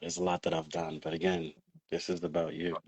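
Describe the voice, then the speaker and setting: A man's voice: low-pitched, flat delivery, a little fast, darkish tone, breathy edge, no echo. A man interviewing a guest, asking rambling, searching questions with fillers.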